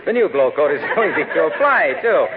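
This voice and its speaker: An actor playing a cheerful middle-aged salesman with a smooth pitchman's delivery in a 1940s radio comedy. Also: sing-song, fast. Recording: tinny 1940s radio broadcast with hiss.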